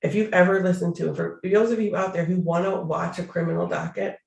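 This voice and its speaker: A man's voice: sits high, steady tone, brisk, vocal fry, roomy sound. A man, a city prosecutor, talking earnestly and emphatically in an interview over a video call, repeating phrases for stress.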